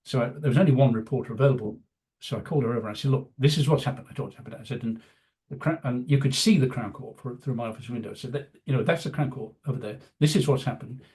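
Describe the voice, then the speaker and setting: Older male guest, rambling anecdotal storyteller, mid-pitched plain voice, casual interview. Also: racing, darkish tone. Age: 70s. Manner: rambling, anecdotal, many "you know" fillers. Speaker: guest, veteran news executive.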